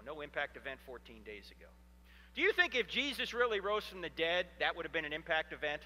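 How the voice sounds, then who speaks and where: Fifties male speaker, high, very bright and lively voice, joking storyteller addressing a crowd, reverberant hall sound. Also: a little hiss or hum. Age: 50s. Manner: animated storytelling with humorous asides. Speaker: Christian apologetics speaker. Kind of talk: lecture to a live audience.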